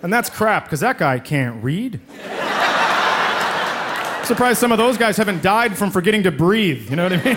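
A middle-aged man performing a stand-up comedy set, animated and acting out the voices he quotes. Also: sits high, normal speed, pauses often, very noisy. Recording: comedy club with loud laughing crowd. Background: crowd laughter and applause.

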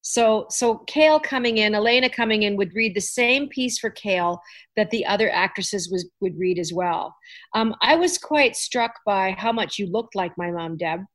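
A woman's voice: medium pitch, moderate pace. A woman hosting an interview podcast, chatty and self-deprecating, joking as she goes. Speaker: podcast host. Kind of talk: casual interview chat.

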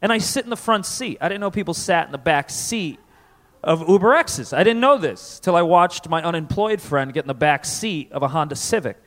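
A man's voice: a little high, animated, brisk. A man from Connecticut doing a loose, self-mocking stand-up comedy set, slipping into voices. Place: comedy club stage. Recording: live in a reverberant club.

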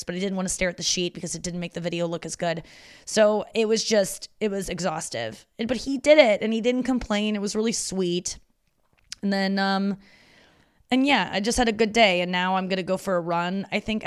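A woman's voice: on the low side, clear, resonant tone, no echo, clean studio sound. A woman in her thirties, a comedian hosting a solo podcast from indoors at her parents' home, talking in a rambling, confessional way with lots of fillers and swearing. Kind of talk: candid solo podcast chat.

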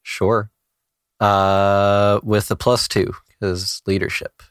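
Dude playing dnd, dry wry voice, dry mic. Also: male voice, fairly low pitch, level tone, slow, smooth, dry recording. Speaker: player. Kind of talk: tabletop game chat.

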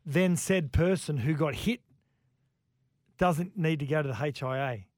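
A man's voice: on the high side, measured pace, a little mellow, no echo. A man hosting a sports radio show, chatting casually and reading out listener texts.

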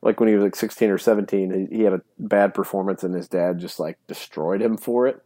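Low, mellow-voiced man in loose sports chat. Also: steady tone. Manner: rambling, filler-heavy, quick to laugh. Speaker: podcast co-host.

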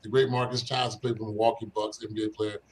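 An older Philadelphia man who once played basketball tells stories from his youth as an interview guest, speaking fast in a lowish voice. He's an animated storyteller who laughs often and acts out the voices of people in his tales. The recording is rough with slight background noise.

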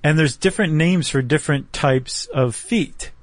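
A man's voice: on the high side, moderate pace, no room sound. A man co-hosting a podcast, explaining step by step in a casual, joking way with frequent restarts. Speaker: podcast co-host. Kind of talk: casual educational chat.

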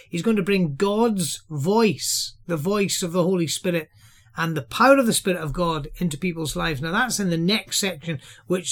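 High-voiced preacher. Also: male voice. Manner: earnest, explanatory, emphatic. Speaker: podcast Bible teacher. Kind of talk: sermon-style Bible teaching.

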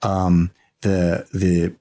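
A man being interviewed, telling animated stories and slipping into mocking voices. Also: sits low, drawn-out words, a little hiss or hum. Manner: animated storyteller who slips into mocking voices. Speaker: interview guest. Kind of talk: casual interview storytelling.

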